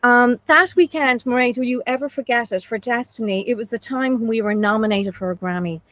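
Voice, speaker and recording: A woman's voice: on the high side, fairly quick, fairly bright tone, dry recording, low-quality recording. A woman hosting a live chat, gushing with praise and often restarting her sentences. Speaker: host. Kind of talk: casual chat on a live stream.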